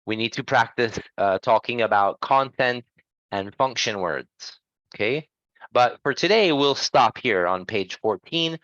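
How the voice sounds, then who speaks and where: A man leads an online pronunciation class at a slow, patient pace. His voice is close and dry. The sound is a little muffled, like call audio. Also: mid-range voice, a bit bright, dry recording. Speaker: English pronunciation teacher.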